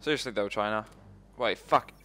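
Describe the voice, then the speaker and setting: A man's voice: on the low side, normal speed, pushed and bright, clean tone, faint music behind. A young man commentating his own strategy game playthrough, rambling and swearing often. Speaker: let's play host. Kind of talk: gaming commentary.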